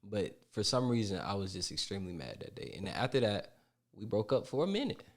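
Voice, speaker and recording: A young man co-hosting a podcast, speaking loosely and candidly with plenty of slang. His voice sits a little low. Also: big pitch swings, fairly quick. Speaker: podcast co-host. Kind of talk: casual podcast chat.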